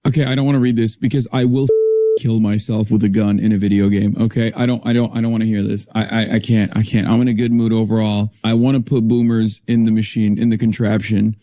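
A man's voice: on the low side, level tone, quick pace, dark tone, no echo. A man ranting sarcastically in exasperated commentary, stammering over repeated words.

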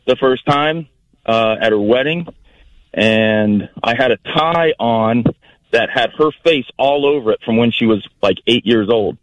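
A middle-aged father calling in to a radio show, speaking slowly and rambling fondly. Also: medium pitch, no room sound, lo-fi sound. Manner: slow, warm-hearted, rambling. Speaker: caller. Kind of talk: casual call-in chat. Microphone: phone line.

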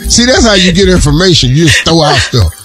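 A man's voice: on the high side, sing-song, fairly quick, a bit bright, soft background music. A man, a radio morning show co-host, teasing and joking in studio banter.

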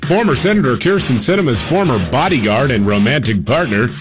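A man co-hosting a radio show, reading the day's top stories in a casual way with frequent "uh" pauses and laughs. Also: mid-range voice, expressive, music in the background. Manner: laughs often, many "uh" pauses while reading headlines. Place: radio studio.

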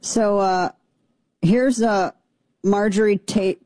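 A woman's voice: mid-range voice, fairly even intonation, slow pace, mellow, dry recording. A woman hosting a talk radio show, delivering an opinionated, sarcastic monologue. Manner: sarcastic, combative, rambling with fillers.

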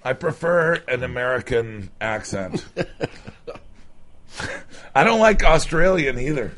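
A man talking on a radio show in an ordinary mid-pitched voice. He rambles, restarts his sentences, and laughs often through his banter. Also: sing-song, takes it slowly, fairly bright tone.

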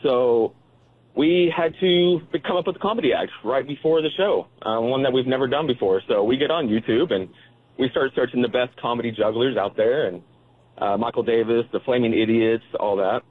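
A man's voice: medium pitch, normal speed, slightly rough. A man calling in to a radio show, telling his story in a laid-back way with lots of "uh" and "man". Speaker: caller. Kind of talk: radio call-in chat. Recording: tinny phone line.

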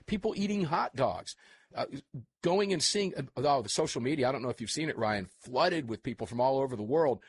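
A man hosting a casual talk show, chatting in a rambling, animated way. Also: mid-range voice, fairly quick, breathy edge, no echo. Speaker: show host.

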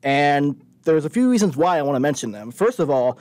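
A man's voice: on the high side, very animated, fairly quick, darkish tone, no room sound. A young man co-hosting a sports talk show, arguing earnestly and citing statistics. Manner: stat-heavy, earnest arguing. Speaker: radio show co-host. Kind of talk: casual sports chat.

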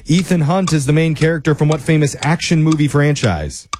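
A man hosting a radio quiz segment, teasing the players and reading questions briskly. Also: on the high side, darkish tone, a little hiss or hum. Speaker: radio show host running a quiz game. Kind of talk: upbeat radio banter. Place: radio studio.

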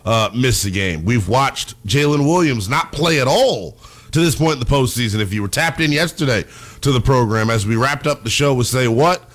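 A man hosting a sports talk show, chatting in an animated, excitable way about the playoffs. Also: mid-range voice, normal speed.

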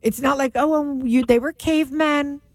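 A woman's voice: sits high, steady tone, normal speed, no echo. A woman co-hosting a casual comedy chat show, joking and slipping into silly voices. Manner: jokey, puts on silly voices. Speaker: co-host.

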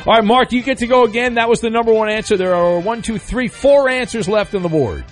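A high-pitched man runs a radio survey game with quick, teasing banter. He pokes fun at himself between answers, and faint music plays behind him. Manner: quick, teasing, self-deprecating.

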